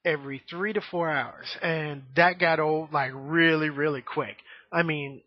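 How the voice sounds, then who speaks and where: A man's voice: a little high, fairly even intonation, measured pace, no room sound. A man in his thirties talking frankly to his camera in a rambling, casual monologue full of fillers. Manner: rambling, frank, many fillers and "you know". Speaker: vlogger. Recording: dry, dull lo-fi home recording.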